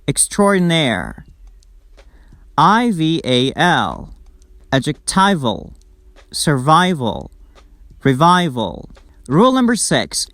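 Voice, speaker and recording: A man teaching English word stress, slowly drilling word lists one by one. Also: a little high, fairly bright tone, no echo. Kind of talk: slow, deliberate pronunciation lesson.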